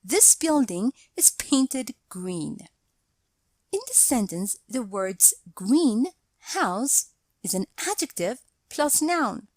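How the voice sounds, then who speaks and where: A woman narrating a scripted English grammar lesson, explaining each point in a deliberate, measured way. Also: a little high, very animated, dry recording.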